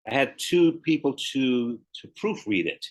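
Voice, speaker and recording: A man's voice: medium pitch, expressive, measured pace, poor audio. A man with a Southern US accent talks as a podcast guest, with a mid-range voice. He tells his story candidly and laughs often. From Memphis, Tennessee, US Southern. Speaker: guest, retired pro bodybuilder and author. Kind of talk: podcast interview.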